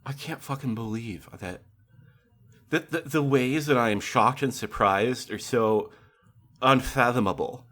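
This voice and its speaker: A man co-hosting a podcast in casual chat, laughing often and talking with animated, swearing outbursts. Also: medium pitch, unhurried. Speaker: podcast co-host.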